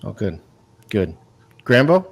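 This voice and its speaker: A man's voice: fairly low pitch, sing-song, slow pace, gravelly, a little hiss or hum. Friendly man hosting a podcast. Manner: friendly, nudging and promoting. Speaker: podcast host. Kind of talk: casual interview chat.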